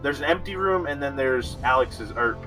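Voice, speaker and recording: A man's voice: medium pitch, animated, moderate pace, bright, forceful tone, soft background music. A man playing a tabletop game, joking around and working through details aloud. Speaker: player. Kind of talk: casual tabletop game play.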